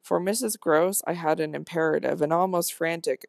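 Gravelly audiobook narrator, dry close sound. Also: mid-range voice, dry recording. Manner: measured, intense, literary first-person reading. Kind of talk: reading a classic novel aloud.

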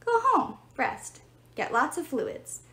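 A woman's voice: high-pitched, sing-song, slow pace, sharp tone, voice pushed up, full character voice. A woman voicing a fearless, bossy young girl who talks bluntly and chirpily, recorded in a roomy space. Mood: chirpy. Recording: roomy echo.

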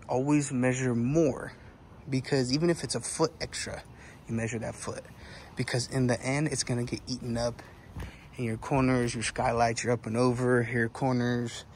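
Young man explaining outdoors, noisy. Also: mid-range voice. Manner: loose, explaining as he walks the roof. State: out of breath. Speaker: roofing salesman and foreman. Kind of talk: casual walkthrough vlog. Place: outdoors on rooftops. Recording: outdoor noise behind the voice.

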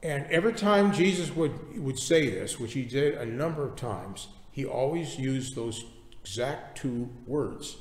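A male pastor preaching a sermon, reading scripture and then explaining it with emphatic pauses. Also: mid-range voice, expressive. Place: church sanctuary. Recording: echoey church hall, distant mic.

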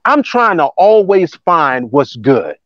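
A man preaching a sermon with lively emphasis and repeated phrases. His voice sits high for a man. The recording is dry and close, with a slightly dull, muffled top end. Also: slow pace, dry recording. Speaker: pastor. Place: church campus building.

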